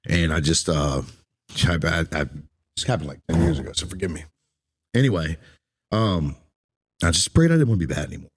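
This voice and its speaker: A man hosting an interview, speaking emotionally and haltingly about his past, often repeating words. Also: sits low, expressive. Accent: Eastern Shore American. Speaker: podcast host.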